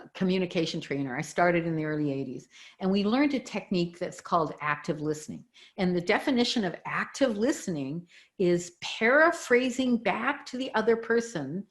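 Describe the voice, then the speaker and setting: A middle-aged woman, a communication expert, explaining her ideas as a guest in an interview and walking through examples. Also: medium pitch. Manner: animated, teaching with examples.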